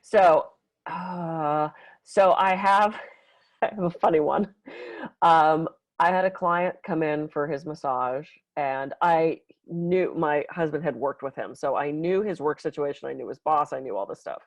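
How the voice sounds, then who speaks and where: A woman massage therapist co-hosting a podcast, telling client stories in a casual, animated way and acting out the quotes. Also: unhurried, dry recording, low-quality recording. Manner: animated, acts out quotes with big pitch jumps, laughs often. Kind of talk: casual storytelling.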